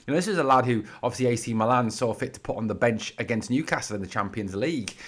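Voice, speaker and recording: A man's voice: medium pitch, lively intonation, quick pace, breathy edge. A man hosting his own football fan channel, giving heated, blunt solo commentary scattered with "you know".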